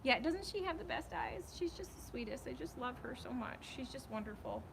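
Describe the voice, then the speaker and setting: Chatty woman horse trainer, higher voice. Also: lively intonation, fairly quick, vocal fry, very noisy. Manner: chatty, rambling, explains as she goes. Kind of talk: live-stream riding commentary. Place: riding arena. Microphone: camera on a tripod.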